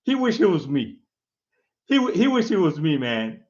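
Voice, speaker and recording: A man's voice: fairly high pitch, very animated, moderate pace, a little mellow, highs cut off. A man hosting his own video, mocking a commenter in a casual rant, laughing often and repeating himself with lots of "man". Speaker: video host.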